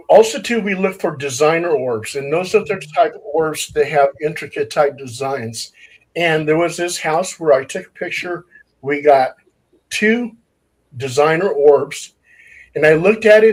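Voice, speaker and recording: Husky man telling ghost-hunting stories. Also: a little high, rough recording. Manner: acts out quoted dialogue in his stories. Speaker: paranormal investigator. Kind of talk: anecdotal storytelling.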